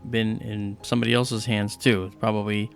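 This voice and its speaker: A man's voice: fairly low pitch, level tone, normal speed, vocal fry, soft background music. A man hosting a casual livestream, telling stories in a loose, rambling way with lots of fillers. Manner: rambling storyteller with many fillers. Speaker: livestream host.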